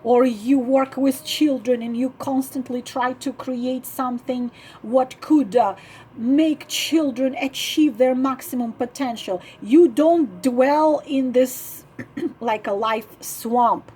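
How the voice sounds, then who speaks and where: A woman, the channel's host, giving earnest, repetitive, emphatic relationship advice in a monologue and often clearing her throat. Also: high voice, takes it slowly, warm tone. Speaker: online relationship advisor.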